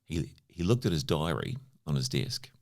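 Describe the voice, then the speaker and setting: Man in his fifties, from New Zealand, extremely low voice, chatty anecdotal guest, casual storytelling. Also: lively intonation, normal speed, a little mellow. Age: 50s. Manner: chatty anecdotal, lots of "you know" fillers. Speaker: podcast guest.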